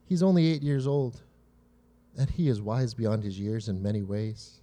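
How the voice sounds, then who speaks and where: A man's voice: on the low side, normal speed, mellow. A man preaching a conversational sermon, often checking in with "right?" and "you know?" and drawing on his own family stories. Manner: tells personal family stories to make points.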